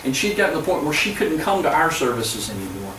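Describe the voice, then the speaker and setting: A man speaking as a pastor, giving an earnest storytelling presentation to church leaders, with halting restarts. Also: a little high, big pitch swings, fairly bright tone, a little hiss or hum. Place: church hall. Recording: echoey room, from far off.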